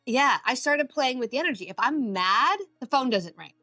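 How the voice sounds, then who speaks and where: A woman guest on a podcast, an addiction recovery expert, telling stories in a casual, animated way, acting out her own thoughts and swearing freely. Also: high-pitched, moderate pace, dry recording, faint music behind.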